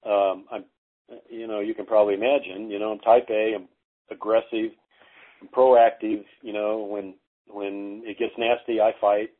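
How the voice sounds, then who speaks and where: A middle-aged man telling stories casually as a guest, halting, with many fillers and restarts. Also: lowish voice, little pitch movement. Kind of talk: casual storytelling interview. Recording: phone-like narrow audio.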